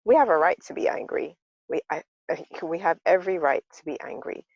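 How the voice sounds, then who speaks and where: A woman's voice: low voice, fairly quick, dry recording. A woman joins a group discussion over a video call, her voice carried through muffled, lo-fi audio. She talks with heavy emphasis, often repeating words to drive a point home. The sound is very dry, with no room around it. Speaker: discussion participant.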